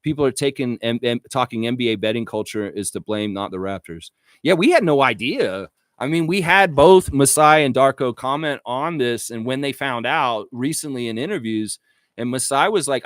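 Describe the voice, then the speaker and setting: Excitable, profane live-stream guy. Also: mid-range voice, normal speed, no echo, studio quality. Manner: profane, excitable, reads chat aloud. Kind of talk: casual live-stream rant.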